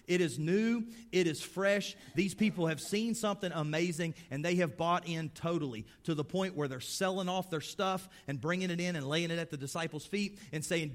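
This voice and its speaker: A middle-aged male pastor preaching a sermon in a conversational way, dropping to a hushed, prayerful tone and then lifting to emphatic points. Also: a little high, moderate pace.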